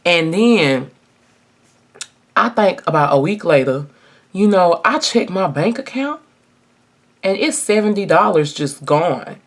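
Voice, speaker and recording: A woman's voice: lowish voice, expressive, slow, long pauses. A woman in her twenties telling a personal story in a casual get-ready-with-me video, chatty and emphatic, talking straight to her viewers. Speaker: vlogger.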